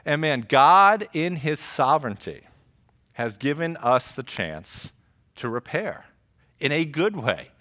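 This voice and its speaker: A middle-aged male pastor delivering a lively, joking sermon to a congregation, talking to them like friends. His voice sits a touch higher than most men's. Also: takes it slowly. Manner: animated, joking, conversational preaching. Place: church service before a congregation.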